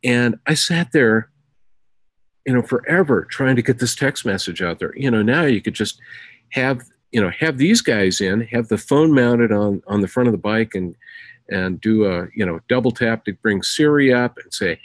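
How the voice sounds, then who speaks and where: A man's voice: mid-range voice, animated, moderate pace, no room sound, poor audio. A middle-aged American man co-hosting a casual chat show, telling rambling stories full of fillers. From United States. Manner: rambling, filler-heavy storytelling. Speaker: co-host.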